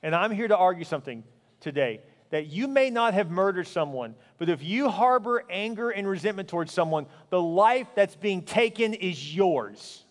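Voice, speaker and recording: A man preaching as a pastor, earnest and emphatic, often sinking to a quiet, intense tone. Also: high-pitched, expressive, moderate pace, long reverb tail. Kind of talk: sermon.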